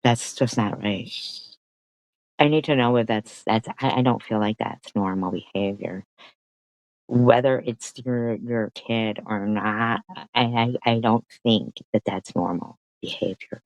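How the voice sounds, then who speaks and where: A woman's voice: extremely low pitch, a little slow, darkish tone, no echo, rough recording. A woman streamer giving reaction commentary, stammering, repeating herself and swearing in outrage.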